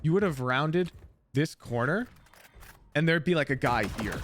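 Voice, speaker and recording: A man's voice: fairly high pitch, animated, measured pace, fairly bright tone, slight background noise. A man coaching a player through a gameplay review, emphatic and blunt, repeating his key points. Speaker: game coach.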